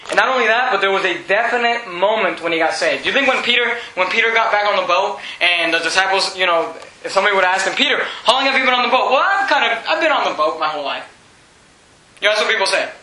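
A high-voiced man pastor preaching a fervent sermon. His tone is sharp and bright, rising into shouts and sinking to low, urgent passages. The sound is roomy and echoing, with a faint hiss underneath. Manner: loud, fervent preaching with shouts and quick drops to low tones.

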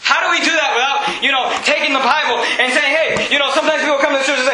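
Male pastor, shouting sermon, very bright sharp tone, echoey church room. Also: very high voice, fairly even intonation, fast, few pauses, slight background noise. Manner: loud, yelling, emphatic repetition. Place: church sanctuary.

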